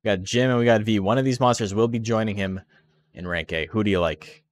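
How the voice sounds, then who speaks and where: A man's voice: lowish voice, a little fast, dry recording. A man giving loose, joking live-stream commentary on a game, rambling with lots of "like" and swearing freely. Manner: rambling, heavy use of "like". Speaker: tournament commentator.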